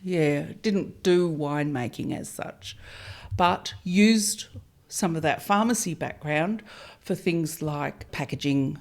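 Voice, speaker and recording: A woman's voice: low-pitched, a little mellow. A middle-aged Australian woman from Melbourne, a winemaker, answering interview questions in a chatty, self-deprecating way with small hesitations. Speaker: winemaker, guest.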